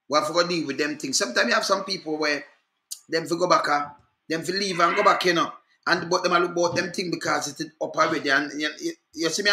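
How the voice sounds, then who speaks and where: A man's voice: on the high side, bright, forceful tone, reverberant. A Jamaican man vlogging on the spot, talking insistently and repeatedly checking that the viewer follows him. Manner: insistent, repetitive, calls out to viewer. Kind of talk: casual on-the-spot commentary.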